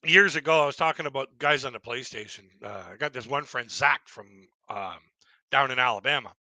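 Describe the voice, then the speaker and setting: A man's voice: medium pitch, a little fast, sharp tone, dry recording, low-quality recording. A middle-aged man telling a stand-up story on a live stream, rambling and repeating himself, acting out other people in raised voices. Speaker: stand-up comedian.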